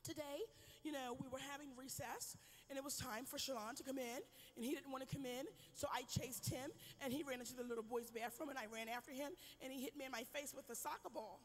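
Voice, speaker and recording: A woman voicing a teacher who quietly recounts an incident in halting phrases. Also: sits high, fairly even intonation, big-room sound, voice pushed down. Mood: hushed. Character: adult woman teacher, upset.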